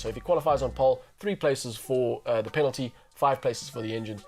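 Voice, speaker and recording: A man's voice: medium pitch, quick pace, hardly any pauses, darkish tone, faint music behind. A man giving Formula One analysis on a talk show, explaining things point by point with frequent fillers. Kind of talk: sports analysis chat.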